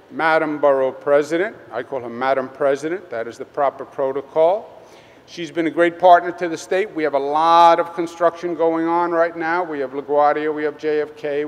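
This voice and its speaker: A man with a Queens New York accent, a state governor giving a conversational public speech at a press event, halting with many fillers. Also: a little high, steady tone. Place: public event at a tunnel site. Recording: long reverb, faint background noise.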